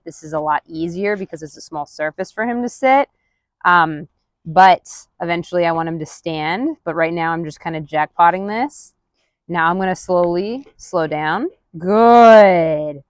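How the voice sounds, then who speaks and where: A woman dog trainer narrating a training session, murmuring quiet asides and counts, then calling out loud, high-pitched praise to her dog. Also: moderate pace, no echo. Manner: counts softly under her breath. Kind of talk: live commentary during a dog training session.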